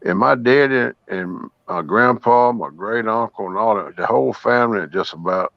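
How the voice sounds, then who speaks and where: A man's voice: lowish voice, moderate pace, creaky, no room sound. A man from Southern Virginia with a Southern Virginia twang, telling folksy stories in casual chat. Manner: folksy storytelling, acts out quoted voices. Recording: dull, dry sound.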